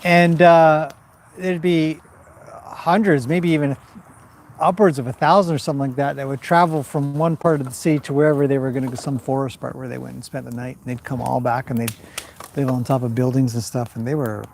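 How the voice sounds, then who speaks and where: A man's voice: medium pitch, fairly even intonation, a little fast, gravelly, darkish tone, slight background noise. A man from western Canada hosting a casual outdoor livestream, rambling between updates and reading viewer comments aloud. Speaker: livestream host. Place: outdoors by a fire at a horse farm.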